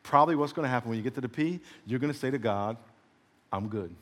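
A man preaching a sermon as pastor, teaching a way to pray and then softly guiding the listeners through it. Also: medium pitch, very fast, in a large hall.

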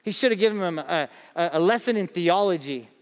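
A man's voice: high voice, expressive, fairly quick, big-room sound. A male pastor preaching a conversational sermon to a congregation. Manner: conversational preaching, acts out quoted voices.

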